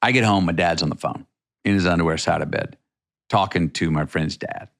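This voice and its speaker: A man's voice: deep voice, a little fast, gravelly. A middle-aged man from Texas, a podcast guest telling a personal story in a rambling, vivid way with many restarts.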